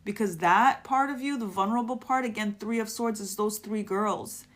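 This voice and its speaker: A woman's voice: mid-range voice, moderate pace. A woman giving a casual, affectionate live tarot reading, spiritual and encouraging, with many restarts. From United States. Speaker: tarot reader.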